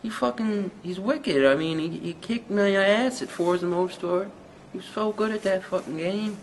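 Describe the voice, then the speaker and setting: A man's voice: high voice, normal speed, a little hiss or hum, poor audio. A man playing a profane young Newfoundland burnout rapper. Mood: rambling. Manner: slangy, profane, rambling, hazy. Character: young stoner rapper from a small town, boastful. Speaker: mockumentary interviewee. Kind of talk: rambling storytelling in an interview.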